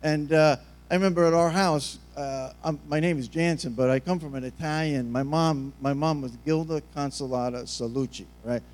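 A man's voice: a little high, fairly even intonation, normal speed, darkish tone, faint music behind. A man preaching a sermon in a rambling, joking, storytelling way. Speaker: pastor.

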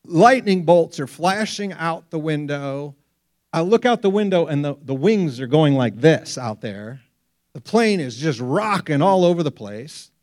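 A man preaching a sermon, telling stories with lively rhetorical questions. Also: on the high side, unhurried. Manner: animated storytelling, rhetorical questions. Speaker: pastor.

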